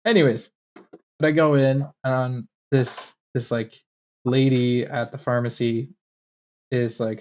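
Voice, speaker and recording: A man's voice: medium pitch, steady tone, unhurried, long pauses, darkish tone, highs cut off. A man co-hosting a podcast, telling a long casual story with plenty of fillers and restarts. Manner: rambling anecdote with fillers and restarts. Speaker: podcast co-host.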